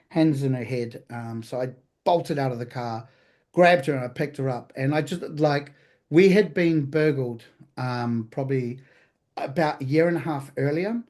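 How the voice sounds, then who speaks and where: A man's voice: medium pitch, darkish tone. A man with a New Zealand accent, a chef guest on a podcast, telling candid, profane stories about his past. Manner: candid, profane, vivid anecdotal storytelling. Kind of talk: casual storytelling interview.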